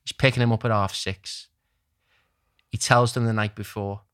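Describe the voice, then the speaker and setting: A man's voice: fairly low pitch, flat delivery, moderate pace, a bit bright. A young man telling a long story in casual chat, rambling and full of slang.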